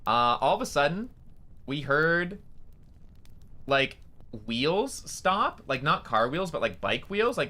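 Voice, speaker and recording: A man's voice: medium pitch, sing-song, unhurried, pushed and bright. A young man, a streamer, telling a story casually, rambling with lots of fillers and swearing.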